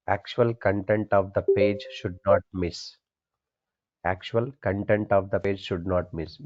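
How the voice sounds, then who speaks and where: A programming instructor with a very deep male voice leads a coding class using everyday classroom language. He poses questions to his students, supplies the answers himself, and repeats every key point twice, all on a dull, lo-fi recording.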